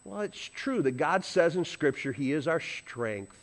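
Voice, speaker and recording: A man's voice: on the high side, animated, unhurried. A man preaching a sermon as pastor, conversational, asking the congregation questions and adding humorous asides.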